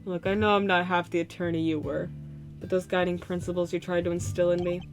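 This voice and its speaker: A woman's voice: fairly low pitch, level tone, fairly quick, soft background music, close to an everyday voice. A woman voicing an earnest, reflective young male prosecutor, reading game lines aloud in her own voice.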